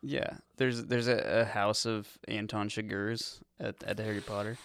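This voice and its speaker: A man's voice: lowish voice, flat delivery, a little slow, gravelly, fairly bright tone, no echo, clean studio sound. A man hosting a podcast in casual comedy chat, rambling and ironic, often laughing. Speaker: podcast host.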